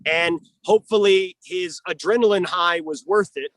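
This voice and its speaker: A man with a notably high voice rants hard in an interview, cursing and jabbing at his targets. He is the coach and manager defending his fighter. The sound is dry and close, with no room echo. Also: moderate pace, fairly bright tone. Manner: combative ranting, profane. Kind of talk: heated interview talk.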